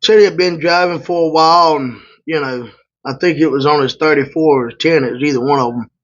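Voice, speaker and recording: Rambling trucker telling stories over food. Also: male voice, on the high side, a little fast, fairly bright tone. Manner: rambling, colloquial, loose. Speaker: truck driver and vlogger. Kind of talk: casual storytelling while eating. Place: hotel room. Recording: slightly muffled lo-fi audio.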